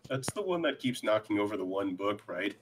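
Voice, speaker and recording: A man's voice: fairly low pitch, big pitch swings, a little fast, slight background noise. A man playing a tabletop role-playing game, describing what his character does. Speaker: player. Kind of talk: tabletop role-play narration.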